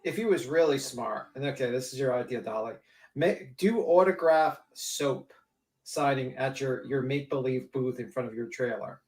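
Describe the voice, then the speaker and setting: A man's voice: mid-range voice, normal speed, darkish tone. A man on a live online panel, mocking and joking in casual chat. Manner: mocking, joking, riffs in impressions.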